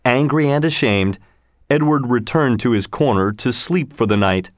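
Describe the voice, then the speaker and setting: A man narrating a storybook aloud in a measured, expressive way. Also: mid-range voice, no room sound, clean studio sound.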